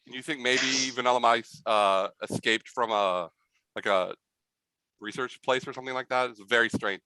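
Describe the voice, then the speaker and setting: A man's voice: mid-range voice, normal speed, sharp tone, no echo, low-quality recording. A man narrating a tabletop game as game master, rambling and full of fillers.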